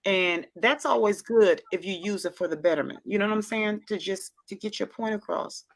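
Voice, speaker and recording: A woman's voice: medium pitch, normal speed. Woman, Southern accent, talk show host, casual chat, effusive, repetitive. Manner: effusive, repeats herself; loud and expressive by her own account.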